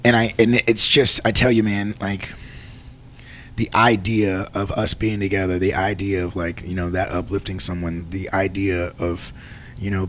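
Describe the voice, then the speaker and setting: Earnest rambling man, bright voice. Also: fairly low pitch, slight background noise. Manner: earnest, rambling, heartfelt, says "man" and "like" a lot. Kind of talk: candid storytelling in conversation.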